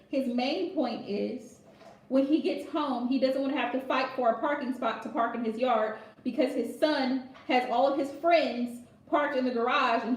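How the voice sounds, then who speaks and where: A woman with a fairly high voice, recorded in an echoey room, reads tarot in a casual advice vlog. She's blunt and emphatic, repeating her points and often checking in with "right?"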